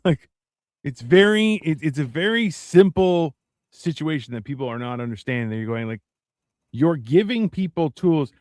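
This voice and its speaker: A man co-hosting a casual, profane podcast chat, rambling and animated, often acting out other people's voices. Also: fairly high pitch, moderate pace, dry recording, studio quality. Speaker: podcast co-host.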